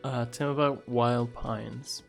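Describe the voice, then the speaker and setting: A man's voice: medium pitch, fairly even intonation, unhurried, creaky, soft background music. Male streamer, casual commentary, reads game text, laughs often.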